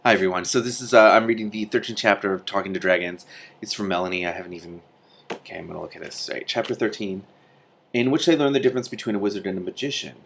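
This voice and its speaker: A man reading a novel chapter aloud and breaking in with excited commentary. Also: lowish voice, quick pace. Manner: enthusiastic, exclaiming reactions. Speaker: reader with commentary.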